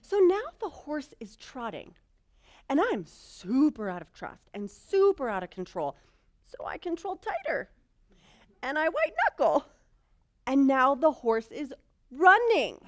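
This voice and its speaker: A woman telling a personal story in a talk, animated and self-mocking, swinging between hushed lines and loud bursts. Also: high-pitched, unhurried. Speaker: speaker.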